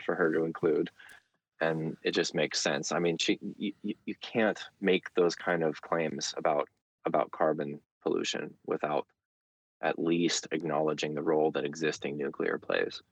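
Very deep-voiced man, dry sound. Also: no room sound. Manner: thoughtful, frequent fillers and restarts. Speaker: guest. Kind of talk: conversational interview.

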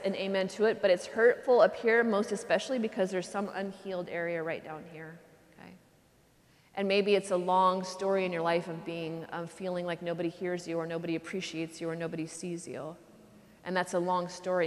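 A religious sister giving a conversational retreat talk, often checking in with "okay?" and dropping to a soft hush when she voices prayers. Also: lowish voice. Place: large cathedral. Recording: long cathedral reverb.

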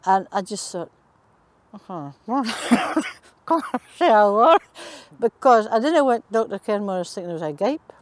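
A woman's voice: medium pitch, lively intonation, measured pace, long pauses, dry recording. A woman with a North East Scots accent telling stories wryly in an interview. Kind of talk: anecdotal interview talk.

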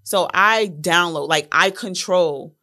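A young woman chats as a guest about raising her children. Her voice sits a little low for a woman, and she slips into quoted dialogue to play out little scenes from home. The tone is casual and conversational. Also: slow. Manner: animated storyteller, acts out dialogue with her kids. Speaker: guest speaking on millennial parenting. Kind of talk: casual podcast chat.

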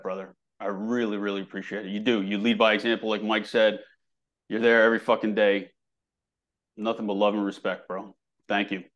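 A man in a group call giving an emotional, heartfelt tribute, swearing freely. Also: on the low side. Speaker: program member.

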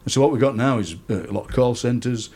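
A man's voice: medium pitch, fast talker, a little mellow, husky. A middle-aged man from South Yorkshire with a local accent, chatting in an interview and telling funny stories, laughing often. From South Yorkshire, England. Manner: chatty storyteller, laughing often, acting out voices in anecdotes. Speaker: poet and radio presenter, guest. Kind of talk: casual anecdotal interview chat.

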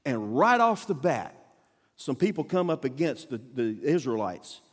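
A man preaching a sermon as a guest pastor, telling a story with acted-out quotes and sudden loud bursts. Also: medium pitch, big pitch swings, a little slow, in a large hall. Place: church auditorium.

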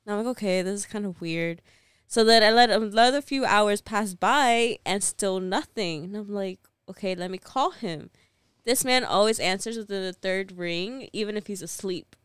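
Young woman telling a story, smooth voice. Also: mid-range voice, moderate pace, dry recording, studio quality. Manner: animated retelling, laughs often, acts out quoted lines. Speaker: podcast co-host. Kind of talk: casual storytelling chat.

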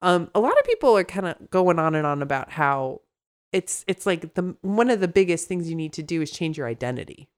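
A woman's voice: lowish voice, big pitch swings, a little fast, clean tone. A woman therapist co-hosting a casual podcast chat, rambling into tangents and laughing often.

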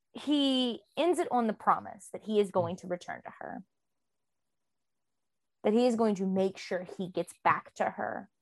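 Talking about a book on a podcast she co-hosts, a woman with a mid-range voice rambles loosely, her speech packed with fillers like "um" and "like." There's no echo on the audio.

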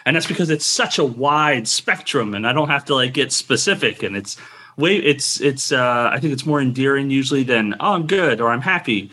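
A man co-hosts a podcast with a bright, husky voice. He talks with enthusiasm and jokes about himself in a casual way. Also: mid-range voice, normal speed. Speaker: podcast co-host. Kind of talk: casual conversation.

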